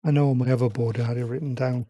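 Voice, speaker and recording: Quiet bloke mumbling thru a live stream, raspy, no room echo at all. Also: male voice, medium pitch, fairly even intonation, rapid-fire, studio quality. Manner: muttering to himself, quiet and rambling. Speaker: streamer building a PC. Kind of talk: casual live-stream chat while working.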